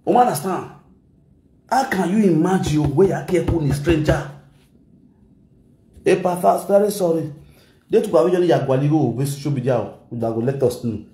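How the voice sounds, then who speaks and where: A man with a Nigerian Pidgin English accent giving animated gossip commentary, switching languages and mimicking people. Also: fairly high pitch, normal speed, pauses often, echoey room, a little hiss or hum. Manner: animated, mixes Pidgin and Yoruba, shouts and mimics. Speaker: gossip vlogger. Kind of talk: excitable commentary vlog.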